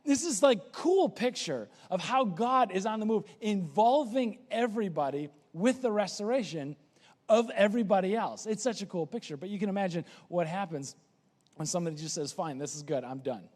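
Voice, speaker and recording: A man preaching a casual, conversational sermon as pastor, chatty and full of restarts and lively asides. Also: high voice, normal speed. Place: church sanctuary. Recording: church hall with long reverb.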